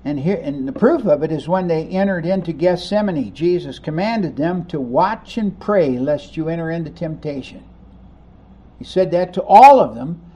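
A man preaching a sermon, animated, acting out the voices of people in the story as he teaches. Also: high-pitched. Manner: animated, acts out voices of the crowd and disciples. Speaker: pastor.

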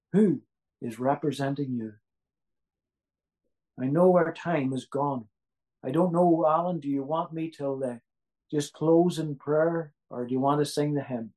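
A man's voice: a little high, measured pace, pauses often, a little mellow, poor audio. A man delivers a sermon in a slightly raised voice. He is earnest and doubles back on key phrases for emphasis. He often turns to his listeners with rhetorical questions. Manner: asks the audience rhetorical questions. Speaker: preacher.

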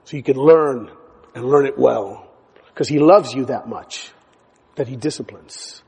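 A male pastor preaching a sermon, emphatic, hammering words through repetition and building to near shouts. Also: mid-range voice, a little slow, creaky, slightly rough. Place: church sanctuary. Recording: church hall with long reverb.

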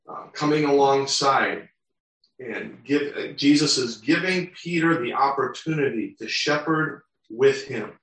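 A man's voice: mid-range voice, sharp tone. A male pastor delivering a sermon, reading scripture aloud and explaining it verse by verse. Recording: very echoey room, mic far off.

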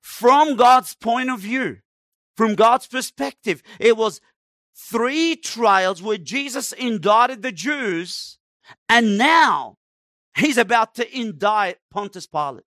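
A man's voice: extremely high pitch, expressive, slow pace, sharp tone, no echo, clean studio sound. A man preaching a sermon in an emphatic, dramatic way, acting out the people he quotes.

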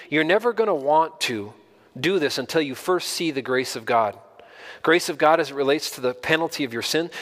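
A man preaching a sermon as a pastor, earnest, stressing key phrases and rising in pitch and volume when he makes a point. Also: a bit bright, in a large hall.

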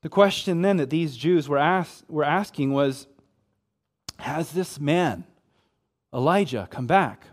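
A man giving an expository sermon in a measured, emphatic way, repeating phrases for stress. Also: a little high, lively intonation. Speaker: Bible teacher.

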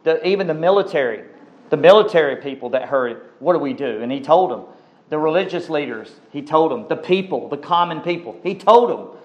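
A male preacher delivers a sermon with a voice pitched slightly above the usual for a man. He talks emphatically, doubling back on words and phrases to drive his points home. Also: lively intonation, fairly quick, dull audio. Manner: emphatic, repeats words for stress.

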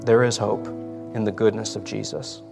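A man's voice: fairly low pitch, steady tone, normal speed, gravelly, over music. A man preaching a sermon in a church, earnest and conversational, with emphatic asides. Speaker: pastor. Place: church sanctuary.

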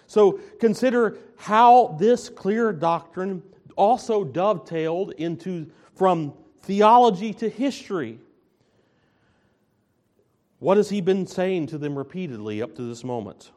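A man's voice: on the high side, measured pace, a little mellow. A man preaching a sermon as a pastor, earnest and emphatic, often restarting his phrases.

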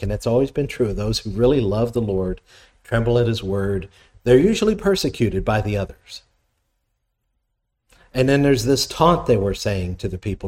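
A man's voice: lowish voice, normal speed, a little mellow. Man preaching a conversational sermon. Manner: conversational teaching with questions to the congregation; reads scripture aloud between explanations. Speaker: pastor.

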